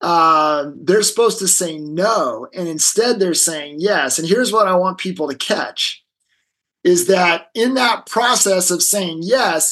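A man with a husky, slightly high voice, speaking as a guest in an interview. He tells a story with energy and slips into the voices of the people in it. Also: rough recording. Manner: animated storyteller acting out quoted voices. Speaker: guest, negotiation expert. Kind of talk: storytelling in a conversation.

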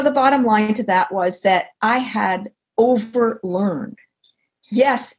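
A woman's voice: medium pitch, creaky. An older woman, a guest author and teacher, talking reflectively in an interview and telling anecdotes. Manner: reflective, tells anecdotes, animated when quoting others. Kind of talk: conversational interview. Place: video call.

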